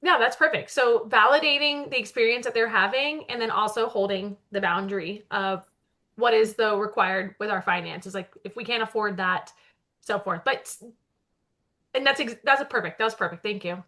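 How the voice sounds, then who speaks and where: Chatty woman in her 30s, podcast co-host, bright and forceful delivery. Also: medium pitch, moderate pace. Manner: chatty, self-described loud talker. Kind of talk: casual chat.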